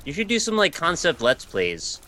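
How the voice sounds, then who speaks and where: A man's voice: on the high side, wildly swooping pitch, normal speed, pushed and bright. A man co-hosting a casual chat, teasing his friend and tossing out goofy suggestions.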